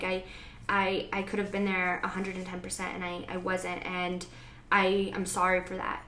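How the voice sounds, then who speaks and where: A woman's voice: medium pitch, a bit bright. A young woman giving a general spiritual reading to camera, rambling and hesitant, with many fillers and restarts. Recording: echoey room with faint ambient noise.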